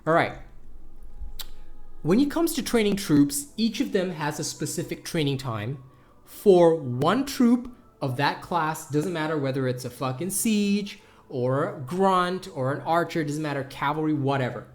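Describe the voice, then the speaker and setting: A man with a high natural speaking voice who rambles excitably, with lots of swearing and stumbling repeats, while giving a gameplay guide. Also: measured pace. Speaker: gaming YouTuber. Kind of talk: casual gameplay guide commentary.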